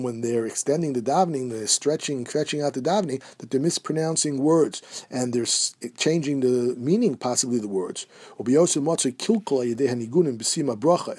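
A man teaching a halachic lesson, explaining Hebrew quotes in a steady way. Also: mid-range voice, breathy edge. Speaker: Torah teacher. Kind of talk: halachic lecture.

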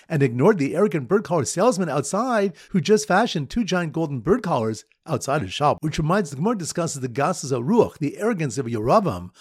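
A man giving a Talmud lesson, telling playful memory-aid stories in a lively storytelling way, with Hebrew and Aramaic terms. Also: fairly high pitch, slightly rough, no room sound, studio quality. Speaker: Talmud teacher.

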